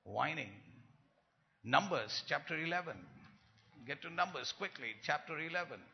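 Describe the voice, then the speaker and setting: A man preaches with lively, swelling emphasis, his slightly high voice carrying a gravelly fry. He acts out the complaints he quotes. The sound is a little muffled and rings with a long hall reverb. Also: moderate pace. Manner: animated, rising to loud emphasis and acting out quoted complaints. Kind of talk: sermon.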